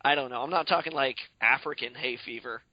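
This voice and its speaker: A man's voice: medium pitch, fairly quick, dry recording, highs cut off. A man co-hosting a podcast, chatting casually and spinning exaggerated comic riffs. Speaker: podcast co-host. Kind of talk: casual comedic chat.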